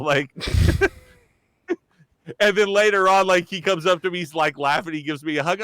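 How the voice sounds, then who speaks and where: A man in casual chat, telling lively stories and acting out the people in them. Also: sits high, moderate pace, long pauses, smooth, no echo, studio quality. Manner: animated storyteller acting out quoted voices. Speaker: comedian and voice actor.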